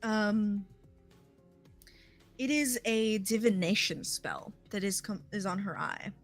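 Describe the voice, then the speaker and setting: Slow, hesitant woman game master. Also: mid-range voice, faint music behind. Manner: hesitant, many ums and likes. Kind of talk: narrating a tabletop game.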